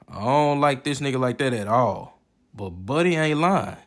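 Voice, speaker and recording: A man reviews movies with casual, joking, profane commentary and animated reactions. He speaks at a measured pace in a medium-pitched voice.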